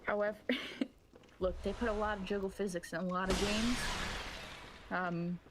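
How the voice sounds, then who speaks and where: A woman's voice: medium pitch, fairly even intonation, normal speed, heavy background noise. A woman casually co-commentating a game, teasing and giggling often. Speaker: co-commentator on a let's play. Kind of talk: casual gaming chat.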